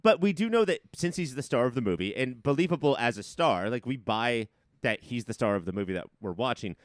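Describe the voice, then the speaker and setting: An animated man in casual movie chat, acting out scenes with playful voices. His pitch swings widely. The sound is dry and close. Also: brisk, no echo. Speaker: podcast co-host.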